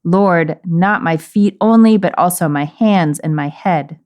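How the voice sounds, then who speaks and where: A woman's voice: fairly low pitch, unhurried, a little mellow, natural voice. A woman reading a protesting disciple's lines from scripture, sounding resigned and wary.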